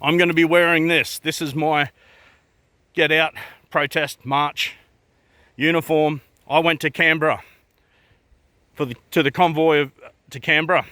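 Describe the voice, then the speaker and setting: A man's voice: fairly high pitch, fairly even intonation, unhurried, pauses often, sharp tone, no echo. An Australian man ranting to camera in a blunt, profane way, firing off rhetorical questions. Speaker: vlogger.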